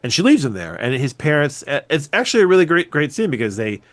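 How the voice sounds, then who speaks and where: A man co-hosting a podcast in casual chat, animated and swearing freely, his voice jumping up when excited. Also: on the high side, fast talker. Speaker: podcast co-host.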